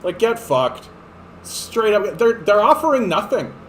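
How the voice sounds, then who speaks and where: A man rants about politics in a sarcastic, exasperated tone, swearing freely. His voice sits fairly high for a man. A faint hiss runs under the recording. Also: sing-song, unhurried, fairly bright tone. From Canada. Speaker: political commentator. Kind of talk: ranting political commentary.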